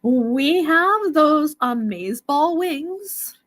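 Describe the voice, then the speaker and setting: Chatty live-sale host, woman, unhurried, highish voice. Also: lively intonation, a bit bright. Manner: chatty, greets viewers by name. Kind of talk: casual live-stream selling chat.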